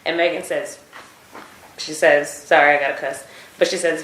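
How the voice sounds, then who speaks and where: A woman's voice: low-pitched, steady tone, moderate pace, fairly bright tone. Hesitant woman retelling events, echoey. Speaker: witness giving a statement. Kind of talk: recorded statement to prosecutors. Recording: echoey room recording.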